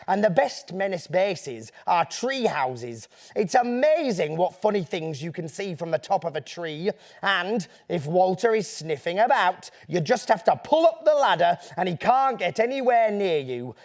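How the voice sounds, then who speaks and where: A man's voice: high-pitched, full character voice. A man voicing a cheeky, boastful young boy prankster with a Northern English accent, reading a children's book aloud in character. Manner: bouncy, conspiratorial, boastful storytelling.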